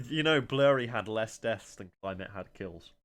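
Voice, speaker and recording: A young English man casting an esports match, joking between rounds and calling plays briskly. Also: lowish voice, animated, fairly bright tone. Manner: joking banter, then brisk play-by-play. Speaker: esports caster. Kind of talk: live match commentary.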